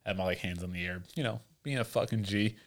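A man's voice: lowish voice, fast talker. A young man co-hosting a podcast in casual, profane banter, mocking himself and laughing often. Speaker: podcast co-host.

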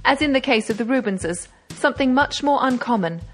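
A woman's voice: high-pitched, animated, brisk. A woman reading aloud as a brash young male amateur detective, speaking with eager, triumphant reasoning. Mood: exultant.

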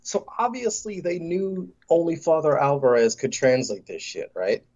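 A man's voice: on the high side, moderate pace, darkish tone, dull audio. A man co-hosting a podcast in casual banter, wisecracking, swearing and laughing often. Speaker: podcast co-host.

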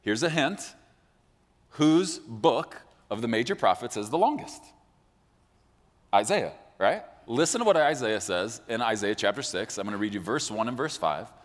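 A man preaching a sermon as a pastor, talking straight to his congregation with animated emphasis. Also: mid-range voice, normal speed, in a large hall. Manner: animated, addresses the congregation directly.

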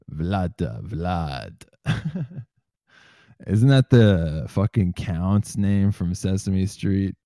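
A man hosting a casual comedy podcast, swearing freely and reading news quotes aloud in a relaxed, joking way. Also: sits low, extremely slow, pauses often, no room sound, studio quality. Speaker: podcast host.

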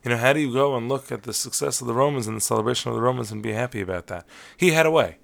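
A man giving a measured, explanatory Torah lesson, weaving Hebrew terms into his teaching. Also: medium pitch, steady tone, creaky, fairly bright tone. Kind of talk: lecture-style lesson on Talmud stories.

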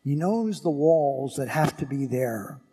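A husky, gravelly-voiced male priest preaches slowly with a lively, swinging pitch. He dramatizes the story by acting out its speakers. His voice rings with the long reverb of a large church. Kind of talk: sermon. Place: church at Sunday Mass.

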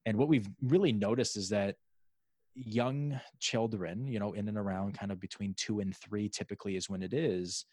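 A man hosting a casual conversation, rambling with restarts and fillers, sometimes acting out other people's thoughts in a higher voice. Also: fairly even intonation, moderate pace, a little mellow, no room sound. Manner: acts out other people's inner voices in a raised pitch. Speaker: podcast host.

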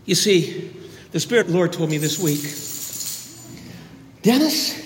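An older man preaching a sermon as pastor, animated, acting out voices and shouting praise. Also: a little high, fairly quick, slight background noise. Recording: echoey hall with long reverb.

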